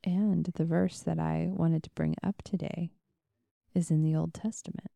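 A chatty woman talking casually as a podcast co-host. Her voice sits low, with a gravelly, mellow tone. The sound is dry and close. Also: little pitch movement, moderate pace, dry recording. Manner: chatty, laughs often, thinks aloud. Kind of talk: casual chat.

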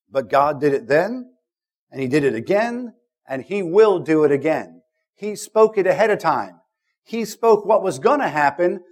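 Emphatic male preacher, slightly high voice. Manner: builds to loud, emphatic repetition; conversational asides between scripture readings. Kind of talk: sermon.

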